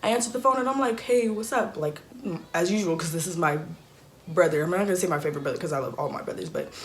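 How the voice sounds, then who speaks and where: A young woman telling an emotional personal story in a halting, soft-spoken way with many fillers. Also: low-pitched, slight background noise. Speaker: YouTuber.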